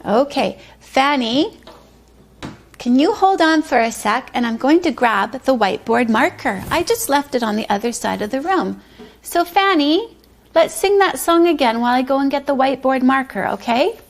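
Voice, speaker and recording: A woman teaching a pre-kindergarten circle lesson, speaking slowly and drawing out words in a sing-song way for small children. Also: high-pitched, expressive. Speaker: preschool teacher.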